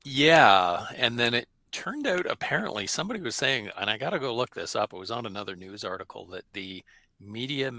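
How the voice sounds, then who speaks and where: A man co-hosting a casual show, giving energetic, detail-packed event announcements. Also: medium pitch, fairly quick, no room sound. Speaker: co-host. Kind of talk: casual chat. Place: studio.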